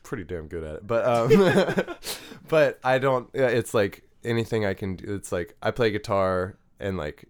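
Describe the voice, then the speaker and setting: A young man with a very deep, smooth, clear voice, talking as a guest on a podcast. He rambles loosely, fills his sentences with "like" and restarts, and chuckles between thoughts. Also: expressive, moderate pace. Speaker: guest musician. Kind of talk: casual podcast interview.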